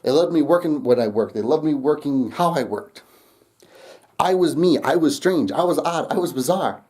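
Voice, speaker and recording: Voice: mid-range voice, lively intonation, normal speed, a little mellow. A young adult vlogger telling a rambling story straight to camera, laughing often and swearing casually.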